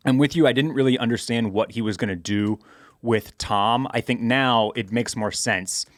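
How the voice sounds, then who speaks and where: A man's voice: mid-range voice, moderate pace, no room sound. Analytical man podcast co-host, dry sound. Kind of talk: casual chat.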